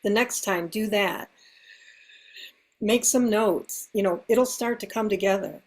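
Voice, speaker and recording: A woman's voice: mid-range voice, measured pace, a little mellow. A woman working as an animal communicator, coaching a client in a playful, encouraging way. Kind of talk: casual reading session.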